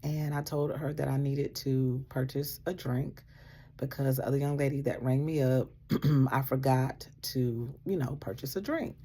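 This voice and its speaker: Husky low-voiced woman telling a story. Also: moderate pace. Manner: animated, acts out dialogue, laughs often. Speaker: vlogger sharing a faith testimony. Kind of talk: casual storytelling.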